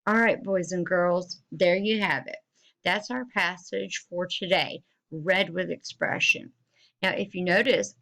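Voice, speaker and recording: Slow, gravelly-voiced woman teacher. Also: lowish voice, low-quality recording. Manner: slow, deliberate, expressive teaching voice. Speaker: elementary school teacher. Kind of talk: reading fluency lesson for children.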